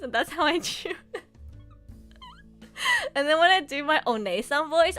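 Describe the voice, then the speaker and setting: A woman voice actress chatting casually on a livestream, excitable and gushing, laughing often. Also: high-pitched, moderate pace, long pauses, soft background music. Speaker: streamer and voice actress.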